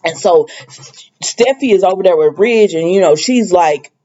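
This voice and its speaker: A woman's voice: lowish voice, normal speed. Chatty woman recapping, lo-fi sound. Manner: chatty, animated retelling with colloquial asides. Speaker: soap opera recap vlogger. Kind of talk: casual recap chat.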